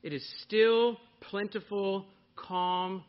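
A man preaching a sermon to a congregation, teaching in an animated way and putting questions to his listeners. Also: sits high, slow pace, smooth, highs cut off. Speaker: pastor.

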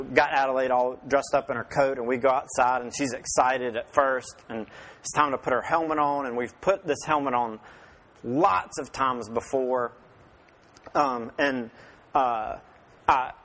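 A man in his thirties, a father telling a humorous personal story to an audience, poking fun at himself and acting out the dialogue. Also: medium pitch. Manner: self-mocking, acts out dialogue in lively voices.

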